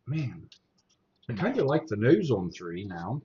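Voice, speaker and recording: Man, casual whiskey tasting chat, teasing, animated pitch, slightly muffled audio. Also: measured pace, slight background noise. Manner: joking, teasing. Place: indoors, home tasting session. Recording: slightly dull livestream audio.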